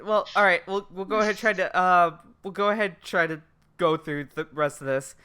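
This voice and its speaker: A man co-hosts a casual anime recap podcast, playful and quick with his asides and fillers. His voice has a bright edge. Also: high-pitched, clear, resonant tone. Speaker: podcast co-host.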